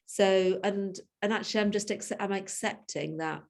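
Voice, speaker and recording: A woman, thinking aloud in a coaching session. She talks in loose, searching bursts, breaks off mid-thought and laughs easily, at an ordinary middle pitch. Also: normal speed, gravelly. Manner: chatty, laughs often, trails off and restarts. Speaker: coaching client. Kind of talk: reflective conversation.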